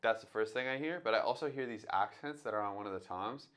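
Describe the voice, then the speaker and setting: A man's voice: fairly low pitch, fast, a bit bright, clear, resonant tone. A man teaching drums in a casual, step-by-step way, thinking aloud and singing drum sounds as he goes. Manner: talks through his thinking, sings drum sounds aloud. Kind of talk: casual instructional talk.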